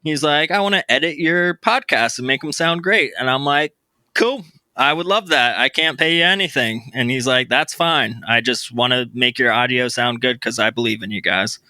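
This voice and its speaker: Excitable male podcast host, very bright, smooth tone, dry close sound. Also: medium pitch, moderate pace, no echo. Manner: upbeat, giggly, excitable. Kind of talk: casual chat. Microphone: remote recording.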